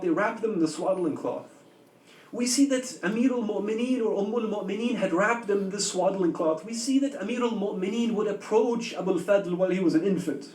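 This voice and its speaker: A man delivers a sermon in a very high voice, telling the story with feeling and asking the listeners questions. The sound is roomy and picked up from a distance, with a faint hum of the hall behind him. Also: darkish tone. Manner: emotive storytelling with rhetorical questions. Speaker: preacher. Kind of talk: sermon narration. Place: community religious center hall.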